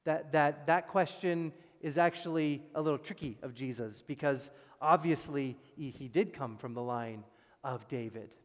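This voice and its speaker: A man preaching a sermon as pastor, with emphatic loud stresses that drop to quiet, low passages. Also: normal speed. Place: church sanctuary. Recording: long reverb of a church hall.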